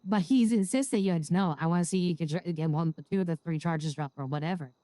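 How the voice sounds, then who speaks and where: A woman's voice: on the low side, fairly quick, dark tone, no room sound. A woman playing a new lawyer in an online roleplay, talking in a hesitant, rambling way with many restarts. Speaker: lawyer character in a roleplay server. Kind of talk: casual in-character chat.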